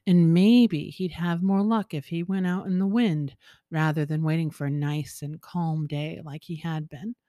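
A woman host telling a folktale in a lively, expressive reading voice, with occasional chuckles. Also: low-pitched, a little slow, no echo, clean studio sound. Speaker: storyteller.

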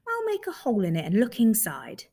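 A woman voicing Bramwell Brown, a gentle, hesitant male toy bear who speaks softly and stumbles over his words, in a storybook reading. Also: fairly high pitch, wildly swooping pitch, a little fast.

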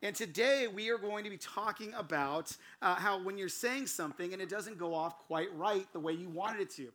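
A man's voice: high-pitched, normal speed, a bit bright. A gregarious, outgoing man preaching a sermon series, telling stories and acting out the voices of the people in them. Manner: storytelling, acts out quoted voices.

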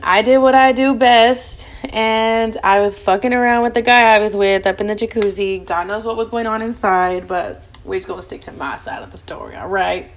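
Young woman, podcast host, fast animated storytelling, lots of swearing. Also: mid-range voice. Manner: fast, animated, profanity-laden chatter. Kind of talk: casual storytelling.

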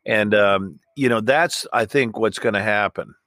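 A man chatting as a podcast guest in a relaxed way, with hesitant fillers. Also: fairly low pitch, measured pace, dry recording, studio quality. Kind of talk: casual chat.

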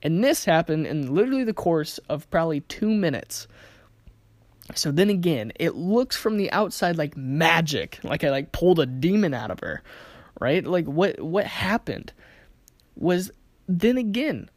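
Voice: mid-range voice, big pitch swings, a little slow, no room sound. A communication teacher giving a casual spoken lesson, telling anecdotes with acted-out quotes and asking rhetorical questions.

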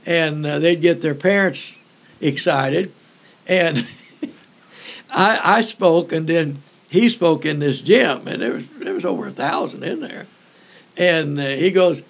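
An older man, an evangelist, telling folksy stories in an interview, joking and pausing often with fillers. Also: a little high, lively intonation, gravelly, fairly bright tone. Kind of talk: storytelling in an interview.

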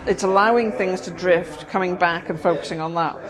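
A woman's voice: fairly low pitch, steady tone, fairly quick. Chatty woman therapist in a busy café. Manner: chatty, explains with everyday examples. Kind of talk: casual explanatory chat. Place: busy coffee shop. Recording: noisy coffee shop recording. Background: café crowd chatter.

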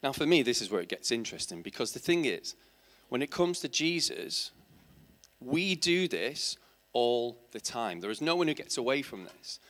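A man's voice: mid-range voice, big pitch swings, normal speed, fairly bright tone. A man preaching a sermon in church, asking his congregation rhetorical questions and building to emphatic, passionate points. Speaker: teacher.

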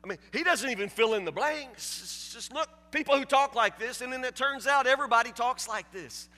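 A man's voice: extremely high pitch, brisk, pushed and bright, in a large hall, faint music behind. A man preaching a sermon as pastor, asking rhetorical questions with frequent stammered repetitions and casual asides. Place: church sanctuary.

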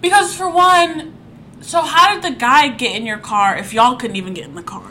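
A young adult woman co-hosting a podcast, chatting casually and firing off quick questions. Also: fairly high pitch, bright, forceful tone, slight background noise. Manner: quick reactions and probing questions. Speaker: podcast co-host. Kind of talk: casual chat.

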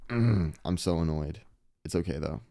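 A man's voice: deep voice, moderate pace, vocal fry, warm tone, no echo. A young man co-hosting a podcast in casual chat, laid-back and joking, swearing freely. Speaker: podcast co-host.

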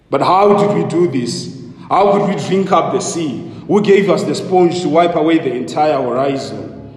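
A man's voice: a little high, darkish tone, pitched above the performer's own voice. A man reading aloud as a frantic male madman, asking question after impassioned question. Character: frantic lantern-bearing madman, male, anguished. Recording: echoey hall with long reverb.

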